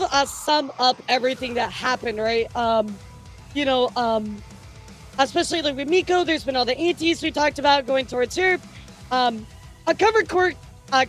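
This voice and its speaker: A woman hosting a casual news stream, talking to her chat in a rambling, jokey way with many fillers and restarts. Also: high voice.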